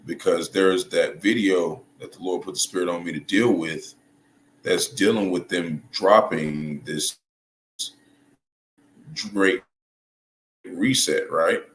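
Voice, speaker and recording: A man giving casual video commentary as a religious commentator, halting and hunting for words, often checking in with his listeners. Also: low voice. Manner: halting, restarts and hunts for words, checks in with "right?" and "you see?". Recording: echoey room with faint noise.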